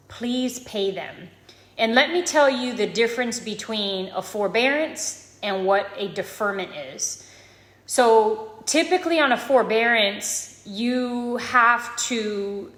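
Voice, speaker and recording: A mortgage loan officer gives casual advice straight to camera, repeatedly checking in with viewers by asking "okay?" and "right?". Her voice is mid-range and fairly bright, and the room sounds echoey.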